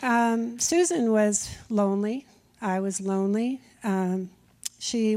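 A woman from Minnesota giving a heartfelt personal eulogy for a friend in a church sanctuary, reminiscing in an unhurried way. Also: mid-range voice, vocal fry, warm tone. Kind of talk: personal eulogy at a memorial service.

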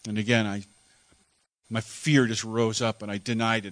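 A man preacher telling a story in first person as a dramatic monologue sermon, emotional and halting, repeating words when moved. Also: fairly low pitch, level tone, fairly bright tone, no echo.

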